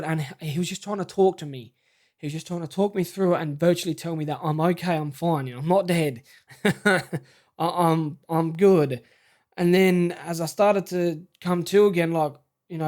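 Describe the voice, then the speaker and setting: An Australian man telling a personal story in a halting, stammering, shaken way. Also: on the high side, darkish tone. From South Australia. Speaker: vlogger.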